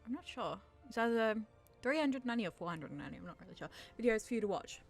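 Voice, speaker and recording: Her voice runs high, gravelly and fast, with big pitch swings, and faint music plays behind her. She's a thirty-year-old channel host from Australia whose accent sounds English thanks to her British father, rambling nervously and self-deprecatingly through a viewer Q&A on camera.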